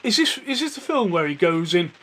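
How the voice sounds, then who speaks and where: A man's voice: sits high, big pitch swings, a little fast, a bit bright. A man co-hosting a podcast, talking eagerly and tripping over his words. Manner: enthusiastic, stumbling over words. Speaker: podcast co-host. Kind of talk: casual chat. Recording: rain on the roof faintly behind.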